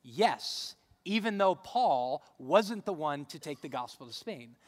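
A man in his thirties delivers a sermon in a relaxed, storytelling way, building emphasis on his main points. His voice sits a little higher than most men's. The sound carries a long reverb, as in a large church. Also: slow. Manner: conversational, storytelling, rising emphasis on key points. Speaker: pastor.

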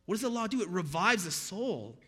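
American male pastor, slightly raised pitch, chatty sermon delivery with jokey asides, echo of a big hall. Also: very animated, a little fast, a bit bright, slightly rough. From United States. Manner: conversational, with jokey pop-culture asides.

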